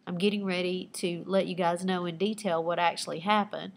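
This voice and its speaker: A woman teacher reading aloud her own personal narrative with lively expression, pausing to point out the writing techniques she used. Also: fairly low pitch, vocal fry. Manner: expressive storytelling with asides pointing out figurative language.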